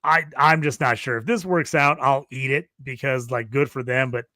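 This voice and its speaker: A man's voice: mid-range voice, moderate pace, no echo, studio quality. A man co-hosting a casual sports podcast, talking loosely and acting out quotes while he rants. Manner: animated, rants with acted-out quotes. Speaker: podcast co-host.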